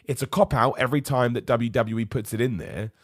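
A man hosts a live-streamed wrestling podcast, ranting with strong opinions while sick and losing his voice. His husky, mid-range voice moves fairly quickly on a dry, clean studio recording.

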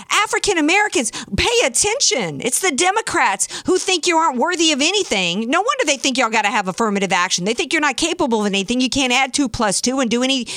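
Sarcastic, animated woman radio host. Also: high voice, dry recording, clean studio sound. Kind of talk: opinionated talk radio commentary.

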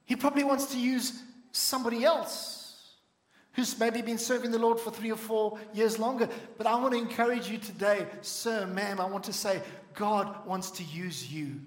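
A man preaching a sermon as pastor, animated, acting out little scenes and calling for amens. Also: high-pitched, reverberant. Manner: animated preaching with voiced asides and congregation call-outs. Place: church.

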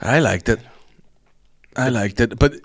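A man's voice: medium pitch, unhurried, no echo, studio quality. A man, telling stories and mimicking people in casual podcast banter. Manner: storytelling, mimics voices, swears. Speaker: podcast co-host.

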